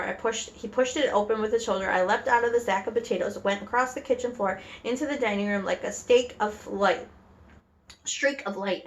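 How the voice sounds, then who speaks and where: A woman reading a children's book aloud with animated storytelling and occasional slips. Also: a little high. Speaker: reader.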